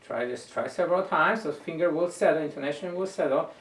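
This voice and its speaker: Man, violin teacher, fairly high voice, patient, repeats himself, distant echoey mic. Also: brisk, fairly bright tone. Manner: patient, repeats words while searching for phrasing. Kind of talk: music lesson coaching. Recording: roomy sound from a distant mic.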